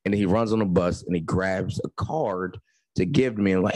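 A man, chatting on a podcast and spinning an animated story. The sound is close and dry, with no room around him. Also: deep voice, normal speed, dry recording, rough recording. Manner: animated storyteller, laughs often, swears. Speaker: podcast co-host. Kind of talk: casual chat, storytelling.

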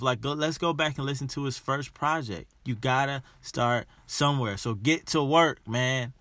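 A man's voice: mid-range voice, moderate pace, few pauses, bright, forceful tone, dry recording. A man hosting a podcast alone, giving a motivational monologue and hammering home his points by repeating them. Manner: emphatic, repeats his rallying lines. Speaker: podcast host.

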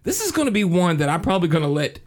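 A laid-back man chats as a podcast co-host, laughing easily and dropping casual curses. His voice sits slightly high for a man, and his talk stays loose and unhurried. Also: sing-song. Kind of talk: casual chat.

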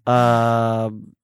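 A man's voice: medium pitch, clean tone, dry recording, studio quality. A man, a stand-up comedian, chatting as a podcast guest in a rambling, self-deprecating way, laughing often. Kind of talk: casual podcast chat.

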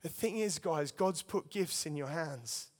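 A man's voice: a little high, animated, measured pace, darkish tone. A young man preaching a sermon, telling his own story in an earnest, storytelling way and addressing the listeners as guys. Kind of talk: sermon testimony. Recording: long hall reverb.

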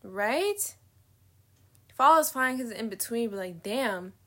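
A woman's voice: fairly high pitch, animated, takes it slowly, sharp tone. A young woman venting in a casual confessional vlog, candid, slangy and profane, trailing off mid-thought and laughing often. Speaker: vlogger.

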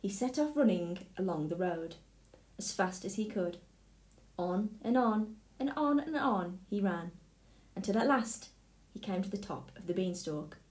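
A woman reading a fairy tale aloud in a clear, steady way. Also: medium pitch, measured pace. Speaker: storyteller. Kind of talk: storybook read-aloud. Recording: echoey room.

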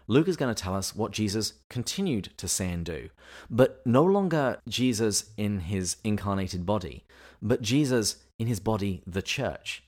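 Podcast co-host, male, very low voice, measured and explanatory; a teacherly podcast discussion. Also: a little mellow. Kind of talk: podcast discussion of literature and theology.

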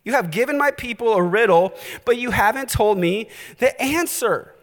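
A man's voice: very high voice, lively intonation, moderate pace, pitched above the performer's own voice. A man voicing a tearful young wife who pleads and accuses, in a reverberant hall. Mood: tearful pleading. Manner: whiny, accusing.

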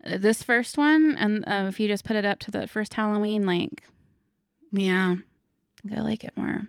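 A woman's voice: medium pitch, normal speed, creaky, smooth, dry recording, clean studio sound. A woman co-hosting a podcast, chatting casually and frankly, with some swearing. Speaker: podcast co-host. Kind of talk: casual chat.

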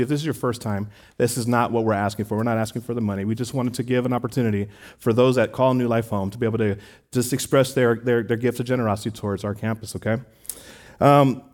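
A man serving as associate pastor, giving church announcements and leading a prayer in a relaxed, conversational way with frequent fillers. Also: mid-range voice. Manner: casual, warm-hearted church talk with fillers. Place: church sanctuary.

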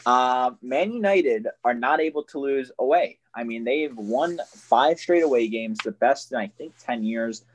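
A man's voice: mid-range voice, animated, unhurried, few pauses. Joking man chatting sports. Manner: joking, rambling, laughs often. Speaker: sports podcast co-host. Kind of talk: casual sports banter.

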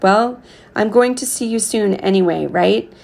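A woman voicing a frightened young boy who is far from home, speaking hesitantly in a quietly pleading way. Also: medium pitch, a little slow, creaky. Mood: anxious.

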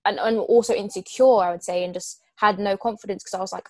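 A woman's voice: mid-range voice, fairly even intonation, fast talker, few pauses, dark tone, no room sound. A young woman in her twenties talking openly and with emotion in a casual heart-to-heart chat. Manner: open, emotional, frank.

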